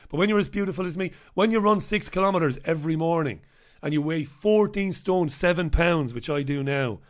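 Middle-aged male radio host, slightly raised pitch, loose joking chatter between listener shout-outs. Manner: irreverent, rambling, jokey banter. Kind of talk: casual live show chat, reading out listener messages.

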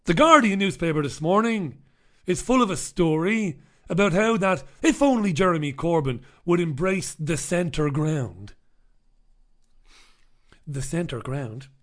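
A man's voice: on the high side, fairly bright tone. An Irish man hosting a live stream in casual chat, sardonic and sweary as he greets viewers and riffs on the news. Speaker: livestream host.

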